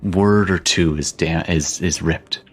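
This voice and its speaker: A low-voiced man runs a tabletop game at an unhurried pace. He narrates in halting stretches, with plenty of ums and restarts. Faint music plays behind him. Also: steady tone. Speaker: game master.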